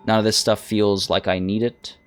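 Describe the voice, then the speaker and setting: A man's voice: on the low side, level tone, moderate pace, soft background music. A man narrating his own strategy game, thinking aloud in a hesitant, musing way. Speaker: let's play host. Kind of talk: gameplay commentary.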